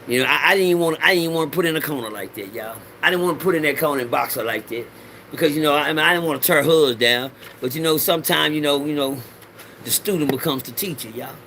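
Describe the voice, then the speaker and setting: A man's voice: fairly high pitch, fast, sharp tone, a little hiss or hum. A middle-aged man rambling through a preachy personal monologue in loose slang, swearing freely and repeating lines for the audience to say back. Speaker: vlogger.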